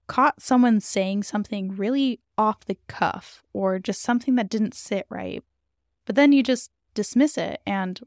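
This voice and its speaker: A woman's voice: medium pitch, no echo, clean studio sound. A woman hosting a book discussion, talking in a thoughtful, earnest way. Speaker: book reviewer host. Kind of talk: reading aloud and discussing a book.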